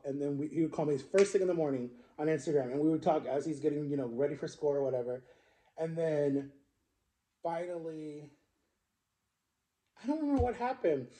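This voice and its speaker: Rambling man telling a story, mellow tone. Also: a little high. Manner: rambling, conversational, lots of fillers and restarts. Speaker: social media creator. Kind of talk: casual storytime monologue.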